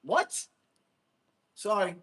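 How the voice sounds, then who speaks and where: A man's voice: extremely slow, bright, forceful tone. A man hosting a casual livestream, blunt and mocking, laughing often as he reads chat. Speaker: livestream host reading chat. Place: gym.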